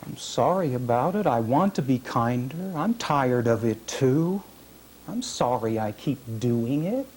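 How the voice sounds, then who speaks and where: A man reading his own first-person fiction aloud at a literary reading, measured and dramatic, with heavy pauses. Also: medium pitch, expressive, darkish tone, slight background noise. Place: reading series event.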